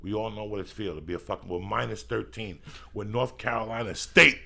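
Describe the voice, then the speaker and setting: A middle-aged male podcast host with a low, deeply gravelly voice and a husky edge. He talks fast, loud and profane, rambling through comedic banter. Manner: loud, rambling, heavy swearing, gravelly and raspy.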